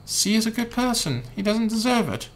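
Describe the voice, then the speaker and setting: A man voicing a frail, gentle teenage schoolgirl in a raised, soft voice while reading game dialogue. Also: high voice, very animated, normal speed, pitched above the performer's own voice. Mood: earnest.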